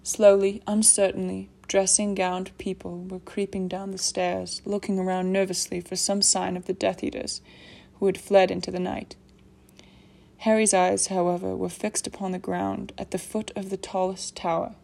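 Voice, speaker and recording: A woman's voice: medium pitch, level tone, normal speed, gravelly, dark tone. Woman reading a novel aloud. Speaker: audiobook narrator. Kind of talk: scripted narration.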